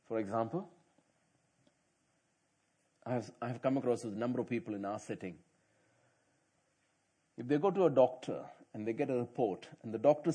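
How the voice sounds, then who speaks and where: A middle-aged man preaching a sermon as pastor. He tells stories in a quiet, chatty way and rises into loud, emphatic preaching. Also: medium pitch, slightly rough.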